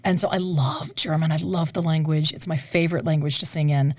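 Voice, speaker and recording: A woman who is an opera singer, talking in a casual interview, animated and laughing often, sometimes dropping to a whisper for emphasis. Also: deep voice, brisk, no echo. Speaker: guest, opera singer and conservatory staff.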